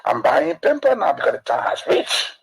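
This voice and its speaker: A man giving lively, joking opinions in street talk. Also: on the high side, moderate pace, creaky, breathy edge, low-quality recording.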